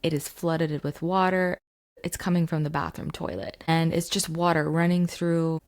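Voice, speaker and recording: Recording in her home basement, a woman who works as a mindset coach chats her way through a story to camera, using lots of fillers. Her voice is low-pitched and level, at a normal speed.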